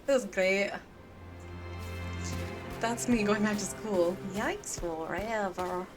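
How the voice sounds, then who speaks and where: A woman streamer chatting playfully with her viewers while gaming, often giggling. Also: medium pitch. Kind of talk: casual live-stream chat while gaming. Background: game music.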